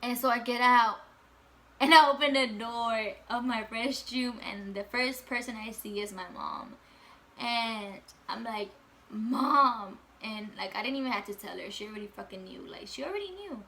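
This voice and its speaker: A young woman with a bright, fairly high voice tells a casual storytime to her camera, peppering it with fillers and swearing. A faint hum of room ambience sits behind her. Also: normal speed. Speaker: vlogger.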